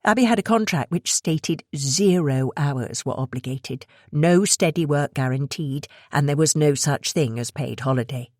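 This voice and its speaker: A woman narrating a thriller audiobook in a steady, measured way. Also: deep voice, dry recording, studio quality.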